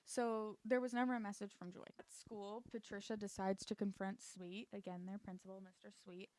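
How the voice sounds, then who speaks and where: A woman's voice: medium pitch, level tone, moderate pace, a little mellow, dry recording. A woman chatting casually and sarcastically as she recaps a TV show, full of "like" asides. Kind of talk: casual commentary.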